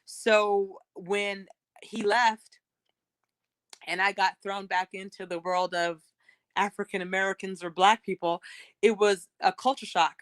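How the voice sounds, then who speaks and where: A woman's voice: mid-range voice, steady tone, measured pace, a bit bright. Woman from california telling her life story, earnest and thoughtful, pretty ordinary voice. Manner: earnest, reflective, spells things out. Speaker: podcast guest. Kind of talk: casual conversation, personal storytelling.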